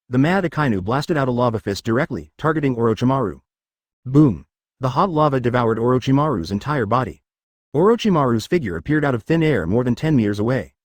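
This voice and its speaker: A man reading a fan story aloud as narrator, in an even, stiff delivery. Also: mid-range voice, no room sound, clean studio sound.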